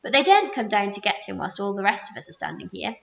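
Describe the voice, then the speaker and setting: Earnest young boy, read by a woman, storybook, calm explaining, lively pitch. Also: quick pace, gravelly. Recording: roomy muffled recording.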